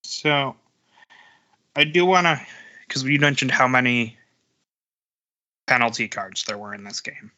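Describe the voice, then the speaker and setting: A man with a medium-pitched voice and a sharp, bright edge co-hosts a sports podcast. He talks casually, retelling game moments with animated energy. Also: unhurried, pauses often, dull audio. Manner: storytelling, animated recounting. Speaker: podcast co-host.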